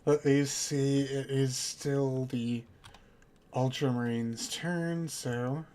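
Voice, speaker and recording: A man's voice: mid-range voice, steady tone, extremely slow, mellow. A man running a tabletop role-playing game as game master, thinking aloud with fillers as he moves the session along.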